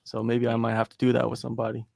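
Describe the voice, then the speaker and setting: Gravelly, dry-sounding joking man. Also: medium pitch, completely flat delivery, rapid-fire, a little mellow, no echo. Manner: joking, laughs often, slips into silly accents. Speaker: podcast co-host. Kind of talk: casual live fight watch-along chat.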